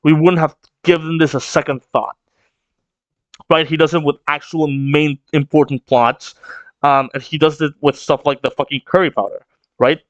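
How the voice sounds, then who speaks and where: A man's voice: on the high side, steady tone, moderate pace, no room sound, lo-fi sound. A man giving casual, rambling reaction commentary on a manga chapter, full of fillers and swearing.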